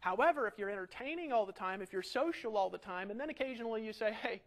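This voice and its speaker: A middle-aged man giving an energetic marketing webinar, animated and ranting, full of rhetorical questions. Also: high voice, fast talker. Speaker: online marketing instructor.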